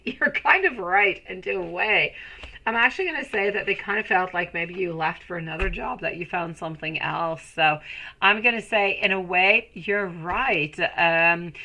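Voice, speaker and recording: A woman's voice: on the low side, bright, forceful tone, muffled recording. A woman giving a live-stream tarot reading, soothing and rambling, often calling viewers sweetie. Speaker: tarot reader.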